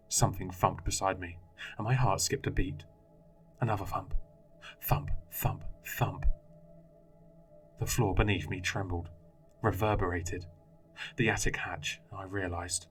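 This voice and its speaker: A man narrating a first-person horror story in a measured, dramatic way. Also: low voice, fairly even intonation. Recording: faint music bed.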